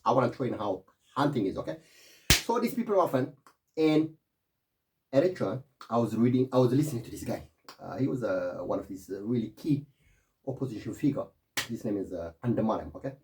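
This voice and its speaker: Middle-aged man, digressive casual monologue, lively swooping pitch, mid-range voice. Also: fairly quick, a little hiss or hum. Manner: animated, keeps saying "my friend", digressive.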